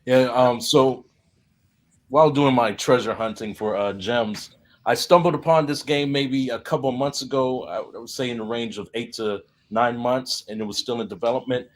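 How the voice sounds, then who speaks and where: Man, special guest, easygoing, relaxed, medium pitch. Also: normal speed. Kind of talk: casual panel chat.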